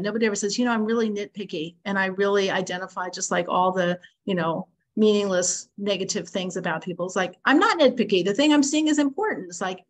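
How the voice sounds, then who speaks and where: A middle-aged woman teaching a Torah lesson in a chatty storytelling way, acting out the voices of the people in her story and mixing in Hebrew and Yiddish words. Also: medium pitch. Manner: animated storyteller acting out both sides of dialogue; conversational, many "like" fillers, Yiddish and Hebrew terms.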